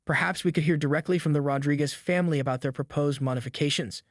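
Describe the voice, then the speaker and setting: A man's voice: a little high, fast talker, dry recording, clean studio sound, lightly acted. A man reading the polite lines of a reasonable male board member. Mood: mild.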